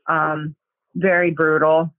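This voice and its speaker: A woman sharing a personal testimony in a hesitant, halting way, pausing often as she recounts her story. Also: sits low, flat delivery, no echo, narrow, tinny audio. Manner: hesitant, halting, with many pauses.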